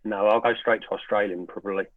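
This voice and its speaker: A man's voice: on the low side, fairly even intonation, fast, no room sound. A man from the UK with an English accent, a podcast guest talking casually and hesitantly on a video call. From United Kingdom. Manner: hesitant, many fillers and restarts. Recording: tinny phone-like call audio.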